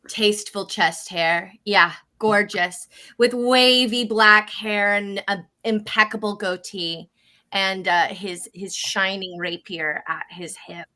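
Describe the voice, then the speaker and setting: Bright, playful woman player. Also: medium pitch. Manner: playful, giggly, trailing off. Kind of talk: tabletop role-play, describing her character.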